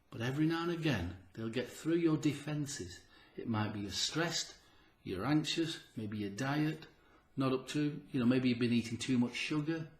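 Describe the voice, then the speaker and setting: Man, health host, earnest and persuasive, mid-pitched, roomy echo on the voice. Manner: earnest, persuasive, with many rhetorical questions and repeated restarts. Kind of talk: casual direct-to-camera talk.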